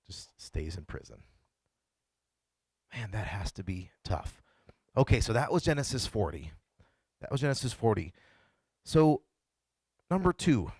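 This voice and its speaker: The voice is a man's, fairly low and darkish, with no echo. He's a pastor delivering an easygoing, conversational sermon, putting the story in his own words and playfully imitating the characters he quotes.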